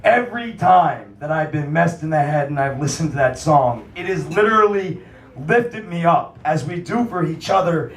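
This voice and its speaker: A man's voice: a little high, animated, normal speed, distant mic, a little hiss or hum. A man hosting a live music night, ranting profanely with rambling filler-heavy talk, then introducing the next act, in a small cafe venue. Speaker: festival host and MC. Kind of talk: stand-up rant and act introduction. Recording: roomy live room, mic from afar.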